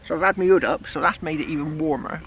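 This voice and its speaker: A man's voice: a little high, fast, a bit bright, slight background noise. A man with a West Country accent talking casually outdoors as a metal detecting vlogger, rambling with many restarts. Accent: West Country English. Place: outdoors in a field, then a pub.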